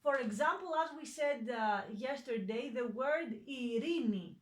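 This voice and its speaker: Slow, patient woman teaching a lesson. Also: on the high side, animated. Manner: patient, many fillers and self-corrections. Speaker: language teacher. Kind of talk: slow, hesitant online lesson explanation.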